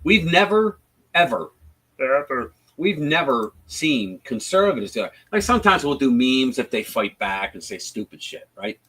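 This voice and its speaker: A man hosting a casual live stream, blunt and profane in his commentary. His voice rides a wide, animated range of pitch while he stumbles through restarts and retells events with energy. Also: moderate pace, hardly any pauses, husky, rough recording. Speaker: livestream host.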